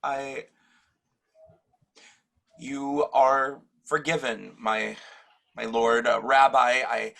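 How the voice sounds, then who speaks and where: An actor playing an anxious male disciple in an audio drama, often halting and stammering. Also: medium pitch, steady tone, vocal fry, fairly bright tone, heavily acted. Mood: nervous.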